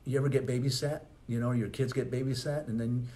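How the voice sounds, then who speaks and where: A man's voice: medium pitch, fairly even intonation, fast, warm tone. Male pastor, easygoing sermon delivery, chatty asides, mid-range voice. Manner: conversational teaching with rhetorical questions and asides.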